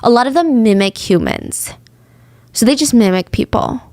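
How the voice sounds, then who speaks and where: A young woman hosting a true crime podcast, telling the story casually with lively asides and acted-out quotes. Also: a little high, normal speed, no room sound.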